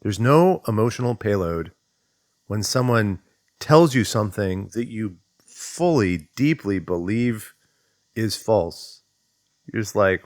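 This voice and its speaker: A man's voice: lowish voice, expressive, takes it slowly, no echo, clean studio sound. A man speaking in a thoughtful, conversational way as he teaches self-development, working through questions aloud. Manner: acts out inner voices in quotes. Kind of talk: reflective explanatory monologue.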